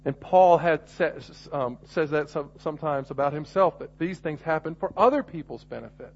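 A man's voice: fairly high pitch, expressive, normal speed. A middle-aged man preaching a sermon, earnest and restarting often as he builds to emphatic points. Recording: muffled lo-fi recording.

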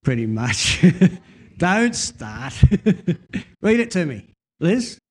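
A man preaching a sermon, telling a Bible story with lively acted-out scenes and talking with the congregation. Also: high-pitched, very slow. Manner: animated storytelling, acting out scenes.

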